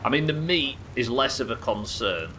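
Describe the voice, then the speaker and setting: Excitable man streaming a game. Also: mid-range voice, normal speed, a little hiss or hum. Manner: excitable, swears, talks to chat. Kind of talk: live game commentary.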